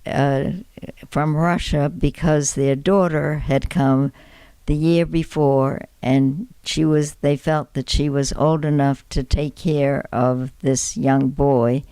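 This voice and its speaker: An older woman telling stories from her life in an interview, halting, with many restarts and pauses, and laughing as she recalls them. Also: low voice, steady tone, warm tone, clean tone. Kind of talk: reminiscing storytelling.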